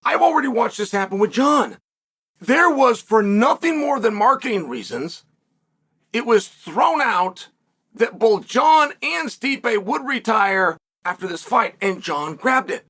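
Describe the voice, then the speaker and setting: Man, host, solo commentary, emphatic, storytelling, high voice, husky. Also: very animated, bright, forceful tone. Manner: emphatic, storytelling, drawn-out dramatic pauses. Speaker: show host.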